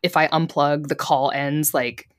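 A woman's voice: low voice, fairly even intonation, measured pace, no room sound, studio quality. A woman co-hosting a fan podcast in casual, rambling chat, joking and self-deprecating. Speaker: podcast co-host. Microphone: plugged into a laptop.

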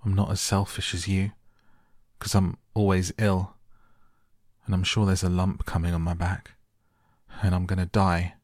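A man's voice: low voice, level tone, measured pace, long pauses, darkish tone, dry recording, clean studio sound. A man voicing a spoiled, sickly young boy who whines and sneers. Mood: petulant. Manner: whiny, sneering.

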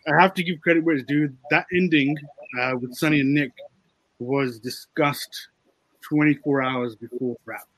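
Man, film director in an interview, slightly high voice, husky, dry close sound, relaxed and explanatory. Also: moderate pace, no room sound, rough recording. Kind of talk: casual interview talk.

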